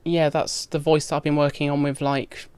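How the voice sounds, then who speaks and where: A woman's voice: deep voice, level tone, moderate pace, a little mellow, clear, resonant tone, no room sound. A young trans woman speaking frankly in a direct-to-camera video diary, with plenty of casual fillers. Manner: candid, frank, frequent fillers. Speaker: video diarist.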